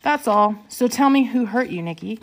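A woman voicing a concerned young man on the phone who gently presses with questions, read in her own voice. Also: on the high side, animated, normal speed, pitched above the performer's own voice.

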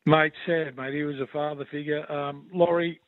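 A man's voice: fairly high pitch, flat delivery, moderate pace, dry recording. Rambling Australian man on a tinny phone line. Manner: rambling, warm storytelling full of restarts and "mate". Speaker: former player and regular pundit. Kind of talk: casual sports radio chat.

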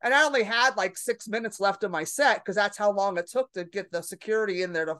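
A woman's voice: medium pitch, fast. A woman comedian telling a club story in a casual podcast chat, brash and profane, acting out the people in it. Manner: brash, profane, animated storytelling with acted quotes. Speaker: stand-up comedian.

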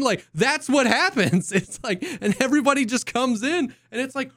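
A man co-hosting a casual podcast, talking in an animated, rambling way with many restarts and mock voices. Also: extremely high pitch, moderate pace, few pauses, dry recording, studio quality. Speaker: podcast co-host and streamer.

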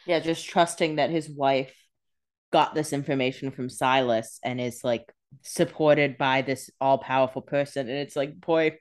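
A woman's voice: very deep voice, steady tone, a little slow. Wry woman co-hosting a chat. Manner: wry, profane commentary. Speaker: podcast co-host. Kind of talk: casual recap chat.

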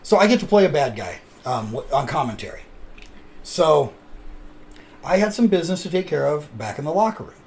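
A man hosting a podcast, chatting casually and telling stories with animated delivery. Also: a little high, fairly quick. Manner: animated storyteller. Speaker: podcast host. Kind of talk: casual chat.

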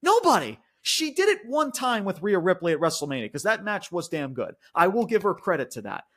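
Profane ranting man, high lively voice. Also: fairly quick. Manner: frequent fillers and restarts like "like". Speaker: wrestling podcast co-host. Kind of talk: casual wrestling review chat.

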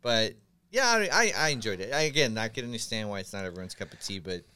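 A man's voice: lowish voice, lively intonation, fast, sharp tone, clear, resonant tone. A man co-hosting a casual podcast, easygoing and blunt with crude jokes. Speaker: podcast co-host. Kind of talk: casual chat.

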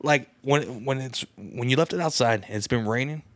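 A man's voice: mid-range voice, moderate pace, a bit bright, no echo. A man co-hosting a podcast in crude casual banter, full of slang and profanity, acting out little scenes as he talks. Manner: profane, slangy, tells acted-out scenarios. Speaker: podcast co-host.

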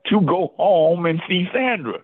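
A man's voice: sits high, expressive, a little slow, slightly rough. An older man, a former football player, telling his story as an interview guest in an emotional way, repeating his words and exclaiming often. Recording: phone-line call audio.

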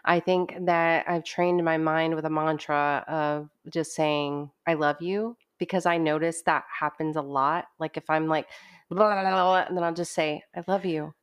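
Earnest low-voiced woman host. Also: steady tone, moderate pace, few pauses, smooth. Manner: earnest, searching, talks in spurts with restarts. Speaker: podcast host. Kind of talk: casual conversation.

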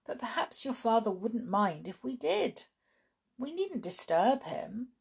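A woman voicing a gentle, sensible young girl who speaks in a coaxing, reasonable way. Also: a little high, big pitch swings, measured pace, gravelly, husky, pitched above the performer's own voice, full character voice. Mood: sympathetic.

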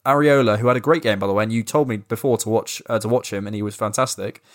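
Ranting sweary football podcaster. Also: male voice, fairly low pitch, fast. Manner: animated, swearing, ranting, restarts. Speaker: podcast co-host. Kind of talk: casual football chat.

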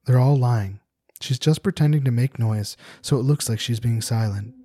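A man voicing a stern father who insists everything is fine, gruff and insistent. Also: medium pitch, moderate pace, mellow, dry recording, natural voice. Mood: gruff denial. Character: stern, agitated father in denial.

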